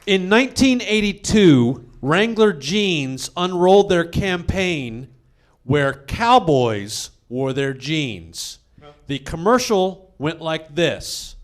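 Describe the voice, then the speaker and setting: A man telling a funny story from his school days, deliberate, singing bits of an old jingle. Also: fairly high pitch, lively intonation. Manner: deliberate, sings jingle lines. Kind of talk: comedic storytelling.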